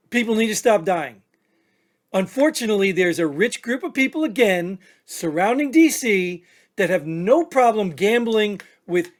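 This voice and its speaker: A veteran podcast co-host on an angry tear, blunt and insulting toward listeners. The voice keeps hammering points with rhetorical questions and repetition, in an opinionated political rant. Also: mid-range voice.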